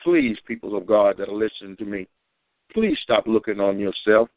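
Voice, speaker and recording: A man's voice: expressive, moderate pace, no room sound. Fervent preacher man on a tinny phone line. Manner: fervent storytelling, climbing high for quoted shouts. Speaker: preacher on a community call. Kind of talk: sermon with personal testimony.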